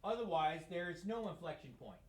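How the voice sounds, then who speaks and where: A man teaching a math lesson in a slightly higher voice, recorded in an echoey classroom. He lectures conversationally and keeps asking questions that he answers himself. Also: lively intonation, a little fast, a little mellow, a little hiss or hum. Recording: echoey room.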